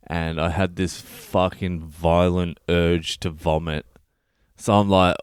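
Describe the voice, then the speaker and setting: A man's voice: low voice, flat delivery, slow pace, clear, resonant tone, no room sound, clean studio sound. A middle-aged Australian comedian telling a story in a profane, comic way. He swears constantly and acts out his own lines. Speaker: comedian and podcast host.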